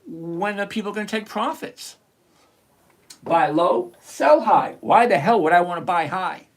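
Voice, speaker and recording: This livestream host sounds high and expressive, talking a little slowly. He picks stocks live from his computer, looking over charts, and explains the figures with the blunt, sarcastic ease of a talkative teacher.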